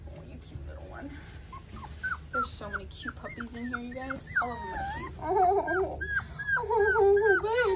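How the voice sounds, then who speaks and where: Lady gushing baby talk at puppies, high voice all over the place, noisy pen. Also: wildly swooping pitch, a little slow. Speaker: dog breeder vlogger. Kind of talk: casual chat with puppies. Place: puppy pen with dogs.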